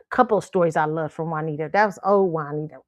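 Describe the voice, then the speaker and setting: A show host tells a story in a casual, profane way, laughing frequently as she goes. Her voice sits low and she talks fast, on a dry recording.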